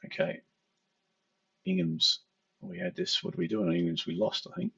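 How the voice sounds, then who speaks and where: A man's voice: fairly high pitch, sing-song, normal speed, gravelly, a bit bright, no room sound. A man walking through trading charts in a conversational lesson, often checking in with "okay". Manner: explanatory, conversational, repeats "okay". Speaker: trading educator. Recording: dull lo-fi, distant from mic.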